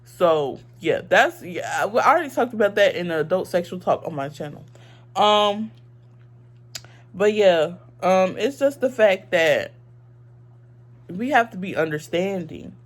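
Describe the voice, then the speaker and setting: A woman's voice: on the low side, expressive, measured pace. A young woman vlogging her opinions in casual, earnest talk, emotional and full of "like" and "um".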